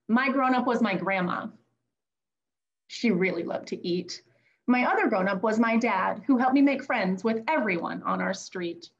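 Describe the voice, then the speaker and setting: A woman's voice: mid-range voice, measured pace, gravelly, pauses often. Woman reading a picture book, lo-fi audio. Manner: teacherly read-aloud delivery. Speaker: children's book author; former teacher. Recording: dull lo-fi audio.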